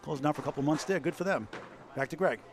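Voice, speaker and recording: New england guy reading bowling scores, high voice, quick and matter-of-fact. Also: noisy background. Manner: brisk score-reading play-by-play. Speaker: bowling commentator. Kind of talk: live sports commentary. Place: bowling alley.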